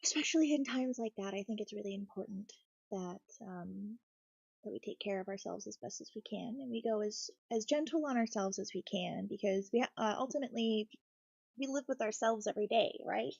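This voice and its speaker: A woman chatting in a gentle, reassuring way while she builds a craft kit, talking close to her desk mic. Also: medium pitch, brisk, creaky, breathy edge, no room sound, dull audio. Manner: soft-spoken, reassuring, gentle. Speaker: craft streamer. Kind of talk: cozy casual chat while building.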